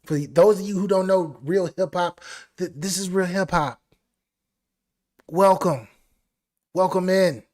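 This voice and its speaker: A man hosting a live album reaction stream, talking excitedly and repeating phrases. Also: high voice, moderate pace. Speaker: music reaction host.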